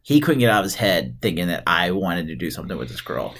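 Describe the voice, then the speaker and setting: A man's voice: low-pitched, fast talker. A man, telling a rowdy story in casual podcast chat, swearing and laughing as he goes. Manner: animated, profane, laughs while telling stories.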